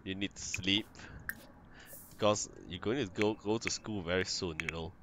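A man's voice: deep voice, fairly even intonation, moderate pace, noisy background. A man hosting a let's play, chatting playfully through casual gameplay commentary and talking to his game characters.

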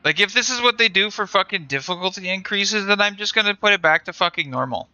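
A young man livestreams a shooter and vents nonstop, swearing at enemies and the game. His voice is high and very bright, with pitch that leaps around as he complains. He talks close to his desk mic. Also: expressive, fast talker, clear, resonant tone, no echo, dull audio. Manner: frustrated, swearing, ranting. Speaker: game streamer. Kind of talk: live gameplay commentary.

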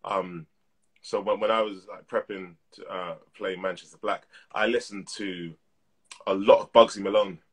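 A man in his thirties, an actor being interviewed over a live video call, talking in a relaxed, reflective way. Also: sits low, normal speed, husky. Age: 30s. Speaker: actor guest. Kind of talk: casual interview.

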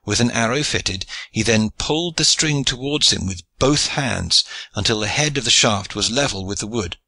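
A man narrating a classic adventure novel in a measured, even storytelling manner. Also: on the low side, no room sound. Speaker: audiobook narrator. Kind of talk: scripted narration.

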